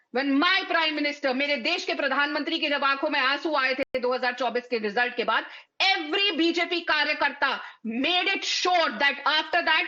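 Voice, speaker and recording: Combative woman spokesperson, high-pitched and bright, lo-fi remote feed. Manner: combative, rapid, mixing Hindi into English. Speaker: party spokesperson. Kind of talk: heated TV panel debate.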